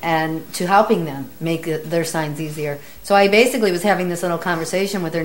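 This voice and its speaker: Woman, middle-aged, medium, casual storytelling, slightly low voice, animated quotes. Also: a little fast, few pauses.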